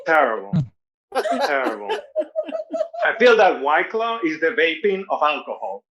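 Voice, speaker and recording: A man's voice: on the high side, big pitch swings, unhurried, fairly bright tone. A man from Venezuela with a Venezuelan Spanish accent, a self-deprecating stand-up comedian performing over a video call. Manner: self-deprecating, repeats and restarts words. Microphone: video call mic. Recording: dull lo-fi video call audio.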